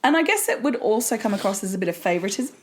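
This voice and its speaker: A woman co-hosting a casual podcast, frank and quick with asides, swearing casually. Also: medium pitch, sing-song. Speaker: podcast co-host. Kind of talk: casual chat recapping a TV show.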